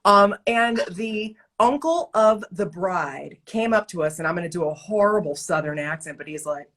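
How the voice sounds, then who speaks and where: A woman guest on a video call, telling animated, exasperated stories in a casual interview chat. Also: on the low side, normal speed, hardly any pauses. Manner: animated storyteller, emphatic and exasperated. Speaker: guest, event entertainer and author. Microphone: remote video call.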